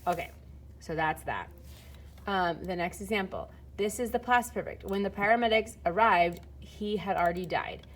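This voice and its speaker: A woman of medium pitch and lively intonation teaches Spanish grammar at a moderate pace in a recorded walkthrough. She's casual, uses fillers, and explains step by step while filming and typing, over slight background noise.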